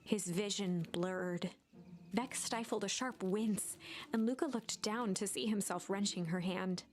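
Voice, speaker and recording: A woman reading story narration aloud in a soft, breathy, half-whispered voice. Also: medium pitch, a little slow, soft background music, pitched below the performer's own voice, lightly acted. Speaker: narrator of the game text.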